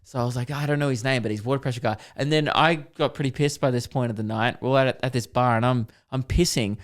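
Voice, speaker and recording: A man in his twenties co-hosting a podcast, telling rambling stories in casual chat and acting out what people said. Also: medium pitch. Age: 20s. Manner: rambling storyteller, quick to act out quotes. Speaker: podcast co-host.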